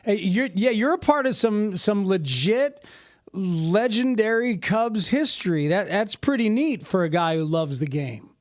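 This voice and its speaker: An animated male sports radio host with a high, bouncing voice. He chats enthusiastically with his guest and keeps things loose. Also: measured pace, no echo, clean studio sound. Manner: chatty, enthusiastic.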